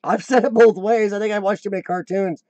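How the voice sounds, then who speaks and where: A rambling, joking American man chats on his live stream, his voice pitched high with a mellow, dark edge. The sound is dry and close, with no room echo. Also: steady tone, fairly quick, muffled recording. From United States. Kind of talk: casual live-stream chat.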